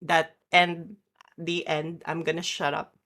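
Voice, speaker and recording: A woman rants casually on a stream, sweary and rambling, breaking off to apologize. Her voice sits low in pitch but has a bright, forward edge. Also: level tone, slow pace. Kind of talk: casual ranting chat.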